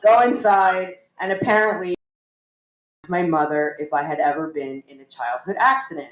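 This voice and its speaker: A woman's voice: deep voice, moderate pace, a little hiss or hum. Woman storyteller on a roomy stage. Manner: animated, self-mocking, acts out voices of family. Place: small theater with live audience. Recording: roomy live theater sound.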